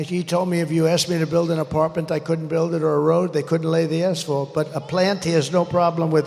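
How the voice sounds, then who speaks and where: An older man giving a rambling, boastful rally speech that flares into angry shouting. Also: on the high side, vocal fry, a little hiss or hum. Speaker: politician speaking at a rally. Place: large arena rally. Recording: echoey arena sound, faint crowd ambience.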